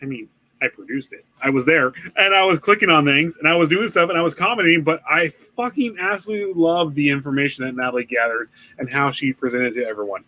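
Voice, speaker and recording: A man's voice: on the high side, quick pace, bright, forceful tone, low-quality recording. A man co-hosting a casual live-streamed podcast, rambling with many fillers and swearing often. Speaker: podcast co-host.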